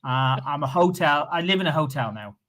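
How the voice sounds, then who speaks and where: A man's voice: fairly high pitch, expressive, fairly quick, fairly bright tone. A man co-hosting a live podcast from a hotel room over a video call, joking and bantering. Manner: jokey, playful banter. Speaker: podcast co-host. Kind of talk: casual live show chat.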